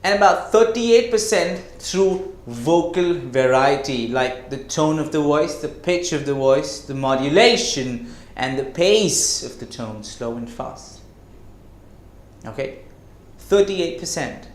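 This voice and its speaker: A man with a fairly high voice teaches communication skills like a classroom lecture. He leans on key words and poses questions straight to the listener. The sound is roomy and echoey. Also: lively intonation. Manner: emphatic, slows to stress words, asks rhetorical questions. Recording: echoey room.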